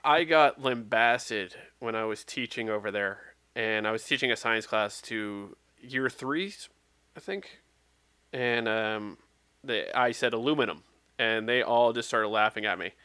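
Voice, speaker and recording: A man's voice: on the low side, measured pace, sharp tone, clear, resonant tone, dry recording. A man chatting casually in an easygoing, wry way. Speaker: former teacher, guest. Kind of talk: casual chat.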